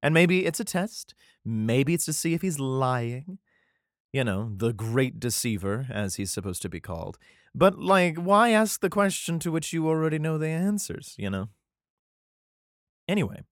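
A man's voice: a little high, expressive, moderate pace, no room sound, studio quality. A man casually reading scripture aloud and riffing on it, rambling, laughing often and swearing freely. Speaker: reader commenting on scripture.

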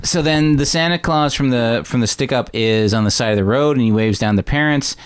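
Animated man retelling a movie. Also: medium pitch, fairly quick, noisy background. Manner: animated storytelling, acting out lines in exaggerated voices. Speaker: podcast host recapping a film. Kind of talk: casual chat.

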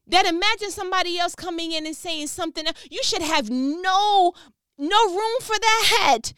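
A woman's voice: very high voice, moderate pace, a bit bright, no room sound, studio quality. A woman preaching with fervent, emphatic energy, dropping slang and firing repeated questions, speaking over a phone. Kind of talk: motivational preaching.

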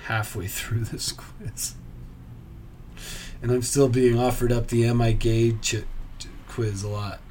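A man's voice: medium pitch, flat delivery, slow, long pauses, a little mellow, a little hiss or hum. A man hosting a solo comedy podcast, musing in a dry, self-mocking way with muttered asides. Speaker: podcast host.

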